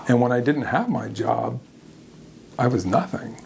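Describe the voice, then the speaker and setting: A man speaking as an interview guest, candid and animated, often laughing at himself as he tells his own story. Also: mid-range voice, measured pace, vocal fry, slight background noise.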